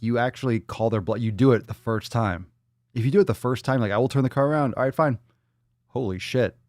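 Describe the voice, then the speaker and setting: A man's voice: dry recording, clean studio sound. A man hosting a podcast in a loose, profane, joking chat, reading viewer comments aloud. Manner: coos softly in a high baby-talk voice at a pet. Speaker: podcast host. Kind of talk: casual live-stream chat.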